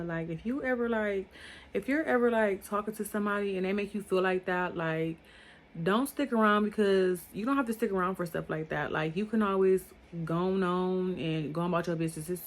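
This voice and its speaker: Rambling young woman telling a storytime. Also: lowish voice. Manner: rambling, filler-heavy talk. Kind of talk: casual storytime monologue.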